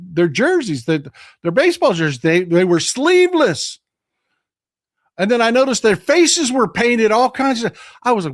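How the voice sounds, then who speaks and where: A man hosting a livestream, telling stories in an excitable, animated way with loud exclamations. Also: high voice, dry recording, studio quality. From Texas. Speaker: livestream host. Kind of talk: casual chat.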